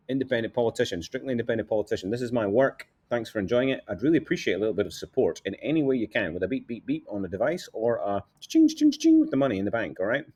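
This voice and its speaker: A man's voice: medium pitch, darkish tone. A man who is an independent political candidate, talking casually over slides in a rambling, jokey way with frequent chuckles.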